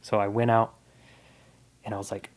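A man's voice: on the low side, little pitch movement, moderate pace. A man in his thirties, a comedian guest on a podcast, telling his life story in a casual, earnest and reflective way.

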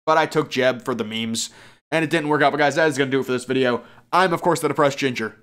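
A young man giving casual, rambling gameplay commentary as a YouTuber, excitable and self-mocking. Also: mid-range voice, quick pace. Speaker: gaming YouTuber.

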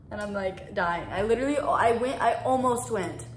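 A woman's voice: mid-range voice, moderate pace, slight background noise. Young woman vlogger, mid-range voice, casual rambling chat, echoey apartment room. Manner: chatty, rambling, lots of "like". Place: her apartment. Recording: roomy echo.

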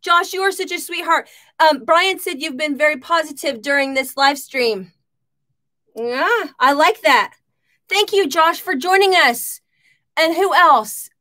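Chatty lady on a live stream, pretty high voice, calling out viewers by name. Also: a little slow, bright, forceful tone. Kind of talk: casual live-stream chat. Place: home kitchen.

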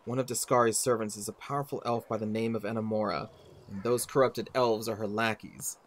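A man's voice: lowish voice, steady tone, a little fast, slight background noise, pitched below the performer's own voice, close to an everyday voice. A man reading the lines of a guarded, defiant female elf wanderer in a game, in a terse, wary way.

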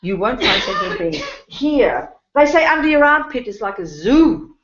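A woman's voice: a little high, very animated, normal speed. An Australian woman gives a Buddhist teaching talk to a class in a blunt, emphatic way, calling her listeners honey and sweetheart. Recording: roomy, dull lecture-room recording.

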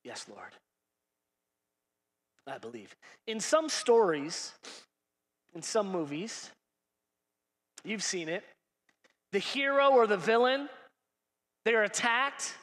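A man preaching a lively sermon, acting out dialogue and rising to shouts. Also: high voice, slow, pauses often, long reverb tail. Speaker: pastor. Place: large church hall.

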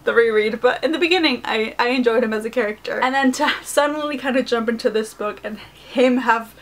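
Young woman vlogger at home, chatty and rambling, a little high-pitched. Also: a little fast. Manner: rambling, filler-heavy "like" talk. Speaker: book vlogger. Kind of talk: casual vlog chat.

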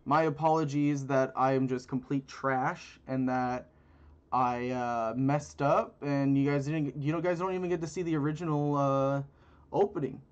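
A man's voice: medium pitch, steady tone, normal speed, clear, resonant tone, lo-fi sound. A man rambling through a casual card-opening video with crude jokes and lots of fillers, recorded on a phone. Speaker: channel host.

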